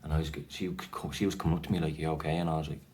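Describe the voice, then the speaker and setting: A man's voice: rumbling low, fairly even intonation, racing, darkish tone. An Irish man telling a personal story casually to camera, rambling with lots of fillers and restarts. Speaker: vlogger sharing his anxiety story.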